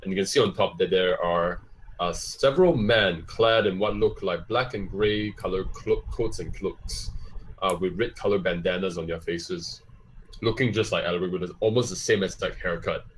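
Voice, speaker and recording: A man's voice: low-pitched, moderate pace. A man running a tabletop game as game master, narrating scenes in a rambling way with many fillers. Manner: rambling, full of fillers and restarts.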